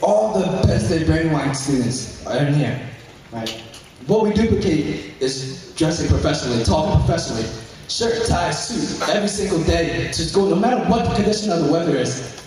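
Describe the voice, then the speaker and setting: A young man giving a fervent motivational speech to a business group, repeating key phrases and breaking into shouts. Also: a little high, lively intonation, moderate pace. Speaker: motivational speaker at a business meeting. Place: large indoor hall with a live audience. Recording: very echoey hall, mic far off, crowd.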